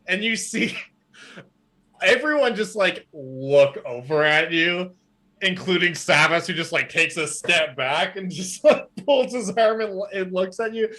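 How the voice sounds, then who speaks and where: Male game master, casual rambling narration, bright tone. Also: sits high, animated, unhurried. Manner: casual, filler-heavy narration.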